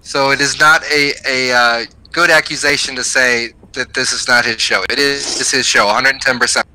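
A man's voice: medium pitch, steady tone, normal speed, bright, forceful tone, slight background noise, low-quality recording. A man running a comedic mock trial on a stream, calling for order and reading out rulings.

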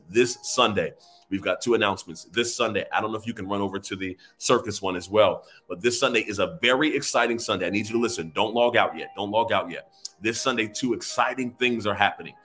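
A man's voice: fairly low pitch, fast, a bit bright. A male pastor leading an online service, repeating his declarations, then chatting and thanking people with many fillers. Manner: declarative preaching, repeating phrases; conversational with frequent fillers when thanking givers. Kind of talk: online sermon with prophetic declarations.

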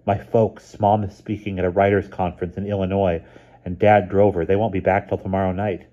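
A man's voice: low-pitched, little pitch movement, fairly quick, warm tone, lo-fi sound, lightly acted. A man reading a storybook aloud, voicing an anxious girl who talks in a worried, pleading way. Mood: scared.

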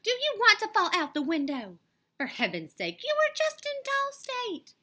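A woman's voice: mid-range voice, sing-song, unhurried, fairly bright tone, breathy edge, exaggerated voice. A woman voicing a flustered, scolding nanny doll in a storybook reading. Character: fussing adult female nanny doll.

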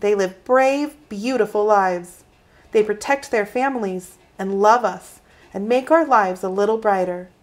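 Lady doing a gentle loving mom in a storybook, soft and soothing. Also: mid-range voice, a little slow, lightly acted. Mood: tender.

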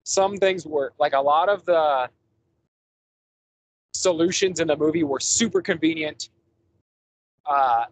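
A man's voice: fairly high pitch, slight background noise, poor audio. Rambling man chatting movies on a podcast. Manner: rambling, enthusiastic, frequent fillers and restarts. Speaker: podcast host. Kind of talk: casual podcast movie review chat.

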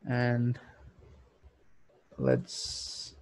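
A man's voice: mid-range voice, very animated, drawn-out words, a little mellow. A man thinking aloud with frequent fillers as he narrates a screen-recorded design tutorial. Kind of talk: screen-recorded software walkthrough.

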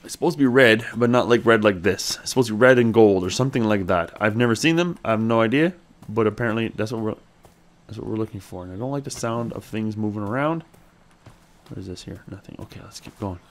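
Chatty man doing let's play commentary. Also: fast talker. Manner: chatty, thinks aloud and talks to his character; bursts into excited high exclamations. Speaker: gaming channel host.

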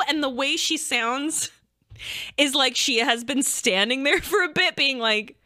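Young woman, high bright voice, animated storyteller, crude and self-mocking, chatting to viewers. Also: takes it slowly. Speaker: streamer telling a story. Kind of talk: casual storytelling to chat.

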